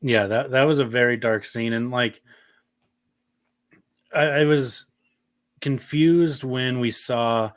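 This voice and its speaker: Animated male podcast co-host. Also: medium pitch, takes it slowly, long pauses, no room sound, studio quality. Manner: animated, acts out scenes in quoted voices. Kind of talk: casual movie review chat.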